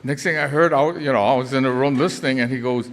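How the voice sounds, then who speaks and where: A man's voice: mid-range voice, quick pace. Older man telling a story in a church. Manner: animated, chuckling storyteller who acts out voices. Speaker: eulogy speaker, former fellow band teacher. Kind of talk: storytelling at a memorial service. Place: church sanctuary. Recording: echoey church hall.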